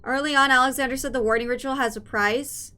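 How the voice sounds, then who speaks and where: A young woman streaming a game live, chatting excitedly and teasing her viewers. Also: sits high, fast talker, slight background noise.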